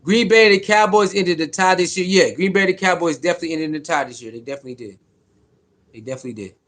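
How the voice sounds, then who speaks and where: A man's voice: high-pitched, racing, a bit bright. A man casually chatting on a live stream, greeting viewers by name in slangy, repetitive talk.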